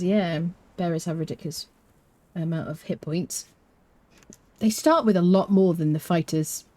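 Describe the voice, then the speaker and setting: Chatting with her viewers while live-streaming gameplay, this young British woman talks in a deep, warm voice. She keeps up casual commentary and responds to people in chat.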